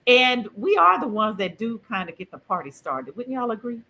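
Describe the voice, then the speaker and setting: A middle-aged woman hosting a podcast over a video call, animated and playful, laughing often and talking in a colloquial way. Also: a little high, moderate pace, poor audio. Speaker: podcast host. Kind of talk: lively conversational podcast hosting.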